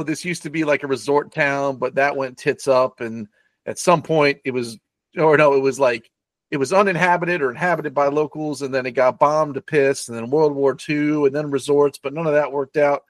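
A man's voice: on the high side, no room sound. Profane, rambling man recapping a film. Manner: loose, profane storytelling, doing quick silly character voices. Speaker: podcast co-host recapping a film. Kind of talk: casual chat.

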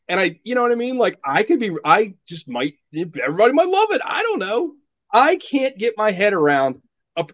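A high-voiced man rants through a casual podcast chat, swearing often and sounding thoroughly exasperated. The sound is dry and close, with no room around him. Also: no room sound. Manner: profane, ranting, exasperated. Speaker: podcast co-host. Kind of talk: casual movie-review chat.

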